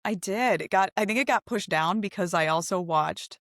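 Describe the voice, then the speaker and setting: A woman's voice: mid-range voice, dry recording, clean studio sound. A young woman co-hosting a podcast in casual chat, talkative and laughing often as she gossips. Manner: chatty, laughing, quick to gossip. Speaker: podcast co-host.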